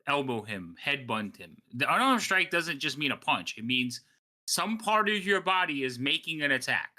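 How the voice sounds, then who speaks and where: A man acting as game master in an online tabletop game, explaining rules quickly and laughing often. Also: on the high side, sing-song, pushed and bright.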